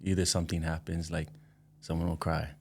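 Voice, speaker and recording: A man in his thirties, a musician guest on a podcast, speaking in a relaxed, reflective, slangy way. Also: low-pitched, brisk, vocal fry, slight background noise. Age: 30s. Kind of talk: casual interview chat.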